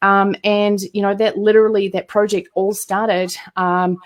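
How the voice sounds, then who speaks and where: Female guest with a New Zealand accent, mid-pitched, chatty and animated, casual storytelling. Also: a little slow, faint music behind. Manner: chatty and animated, with many fillers and restarts. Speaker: entrepreneur guest.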